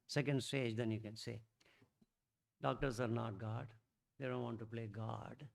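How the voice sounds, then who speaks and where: A middle-aged man, telling a devotional story at a satsang in a rambling, animated way, restarting often and bursting out louder. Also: mid-range voice, a little slow, vocal fry, pauses often. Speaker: satsang speaker.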